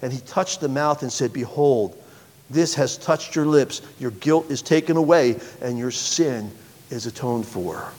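A man preaching a sermon, reading scripture aloud with sharp swings between loud, high bursts and quiet, low passages. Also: unhurried, long reverb tail. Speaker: pastor.

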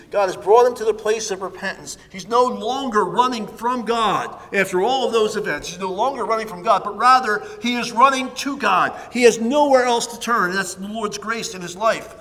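A pastor preaches in a high, ringing voice, swinging between hushed asides and loud, emphatic stresses. His words trail off into the long reverb of a church hall. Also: normal speed. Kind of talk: sermon.

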